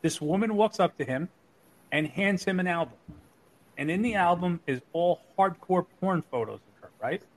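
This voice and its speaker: A man's voice: high-pitched, normal speed, rough recording. A middle-aged man telling crude stories in casual chat, acting out the voices of the people in them. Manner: animated, acts out voices in his stories. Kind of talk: profane storytelling chat.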